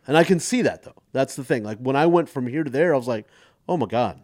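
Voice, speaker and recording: A man's voice: mid-range voice, fast talker, dry recording, studio quality. A man in his forties, a comedian, telling stories in casual podcast chat and acting out the voices of people he quotes. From United States. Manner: animated storyteller acting out quotes. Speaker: guest comedian.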